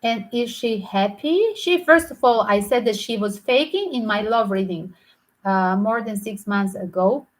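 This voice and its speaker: A woman's voice: medium pitch, unhurried, poor audio. A woman tarot reader talking through a rambling, opinionated vlog commentary, emphatic and full of restarts.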